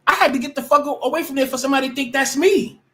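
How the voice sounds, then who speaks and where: A woman's voice: sits high, very fast, fairly bright tone. A woman ranting casually to her viewers, blunt and profane, often restarting her sentences. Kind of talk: casual rant to camera.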